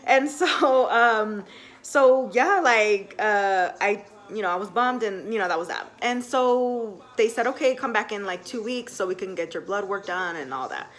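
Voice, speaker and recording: A young woman telling a personal story to camera at home in a chatty, animated way full of fillers. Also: mid-range voice, measured pace. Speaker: vlogger.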